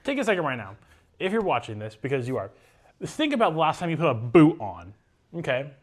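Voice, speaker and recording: A man hosting a podcast in casual chat, rambling and animated as he talks straight to viewers. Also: a little high, brisk. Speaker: podcast host.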